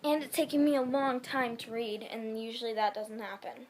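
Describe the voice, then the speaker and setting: A fairly high-voiced woman reads fan stories aloud in a casual way. She is sick with a sore throat. She often stumbles over her words and breaks off to react with gasps and sighs. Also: normal speed, slight background noise. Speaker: YouTuber reading fan fiction.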